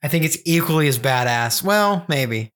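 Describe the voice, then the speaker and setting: A man's voice: on the high side, lively intonation, moderate pace, fairly bright tone, clean tone. A man co-hosting a podcast in casual chat, joking and laughing often and swearing freely. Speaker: podcast co-host.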